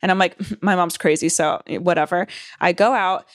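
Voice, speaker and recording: A woman's voice: normal speed, no echo, studio quality. A woman in her twenties from Southern California, telling a rambling, profane story with lots of fillers and restarts. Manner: acts out quoted voices in higher pitch. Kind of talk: casual storytelling chat.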